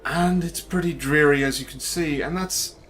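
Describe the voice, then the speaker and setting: A man's voice: a little high, normal speed, fairly bright tone. Chatty man doing game commentary. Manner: chatty, enthusiastic, laughs often. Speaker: gameplay commentator. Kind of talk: casual gameplay commentary.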